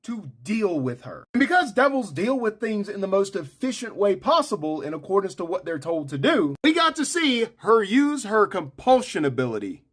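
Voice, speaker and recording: Storyteller, tabletop campaign recap, casual storytime, lively swings in pitch, quick character voices.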